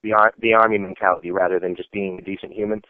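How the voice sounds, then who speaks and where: A man's voice: deep voice, level tone, fast talker, dry recording. Veteran guy telling stories, lots of "like" and "you know", tinny dry audio. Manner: rambling, full of "like" and "you know". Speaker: army veteran interviewee. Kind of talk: casual storytelling. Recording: tinny phone-like dry sound.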